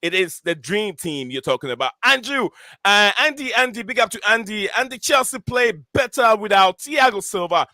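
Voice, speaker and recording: A man hosting a live football review show, excitable and fond of shout-outs and repeating names. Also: high-pitched, moderate pace, dry recording, studio quality. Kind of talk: live fan call-in chat.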